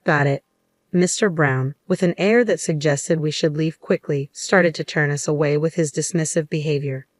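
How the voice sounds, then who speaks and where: A woman reading a scripted first-person story in an even, steady manner. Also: deep voice, moderate pace, hardly any pauses, no echo.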